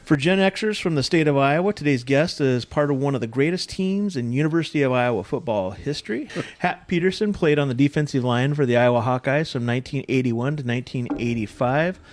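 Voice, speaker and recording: A man's voice: mid-range voice, a little fast, few pauses. A man hosting a podcast, chatting casually with his co-hosts and then reading a guest introduction. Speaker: podcast host. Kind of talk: casual chat and show intro.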